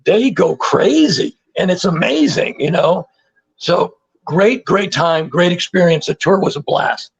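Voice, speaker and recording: A man in his sixties, a guest telling stories in a casual interview, animated and repeating words for emphasis. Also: high-pitched, unhurried, gravelly, slightly rough, dull audio. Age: 60s.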